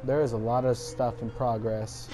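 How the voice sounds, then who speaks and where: A man's voice: medium pitch, normal speed, music in the background. A young man giving casual let's-play commentary, exasperated, swearing and laughing at his own mistakes, recorded late at night at home. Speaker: gameplay commentator. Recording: steady background noise.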